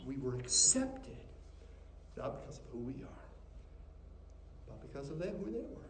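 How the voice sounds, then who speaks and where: A middle-aged man from Minnesota preaching a sermon as pastor, moving from quiet, intimate passages to raised, emphatic ones. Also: medium pitch, big pitch swings, normal speed, long pauses, roomy sound, poor audio. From Minnesota, USA.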